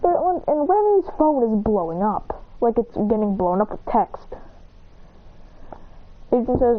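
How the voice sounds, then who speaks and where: A woman's voice: on the high side, expressive, measured pace, pauses often. A woman casually improvising a story, rambling along and often correcting herself. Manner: rambling, with frequent self-corrections. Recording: tinny phone-like sound.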